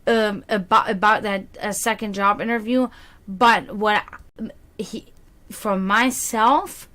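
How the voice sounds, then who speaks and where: A woman's voice: mid-range voice, a bit bright. A woman with a German accent, German her first language, rambling through a tarot reading on a live stream, using pet names and plenty of fillers. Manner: rambling, filler-heavy, affectionate. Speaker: psychic reader.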